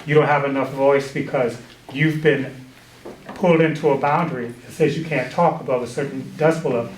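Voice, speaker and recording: A man's voice: medium pitch, steady tone, a little fast, slight background noise. A man who teaches voice, earnestly explaining his point during a group discussion in a conference breakout room. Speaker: voice teacher, workshop participant. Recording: echoey meeting room.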